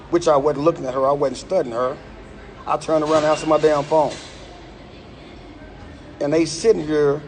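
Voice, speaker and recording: A middle-aged man vents into a phone live stream from inside a gym. He talks in a heated, emphatic way and circles back to the same points again and again. His voice sits a little higher than most men's. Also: a little mellow, a little hiss or hum. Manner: angry, emphatic, repeats himself. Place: indoor gym.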